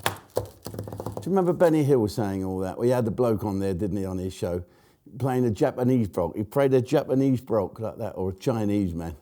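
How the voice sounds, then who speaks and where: A man's voice: on the low side, animated, fairly quick, warm tone. An older man hosting his own show, delivering a blunt, jokey political rant in a casual monologue. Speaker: show host.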